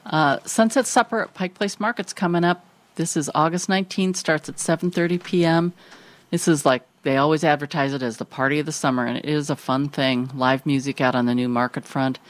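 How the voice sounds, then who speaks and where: A woman's voice: low-pitched, fairly even intonation, brisk, no room sound. A woman co-hosting a casual chat, reading event listings and teasing her partner, laughing easily. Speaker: co-host.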